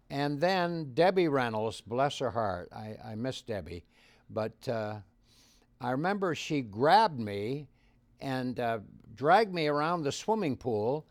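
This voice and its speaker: An older man from Canada, a guest telling showbiz stories in an animated interview style, his voice rising and falling. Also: on the high side, dry recording. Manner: animated storyteller, swings loud and soft. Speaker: impressionist guest. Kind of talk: anecdotal interview storytelling.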